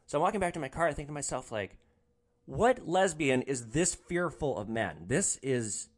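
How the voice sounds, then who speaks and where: A man hosting a podcast, telling his rideshare stories in a casual, sarcastic, blunt way. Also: mid-range voice. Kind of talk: casual storytelling.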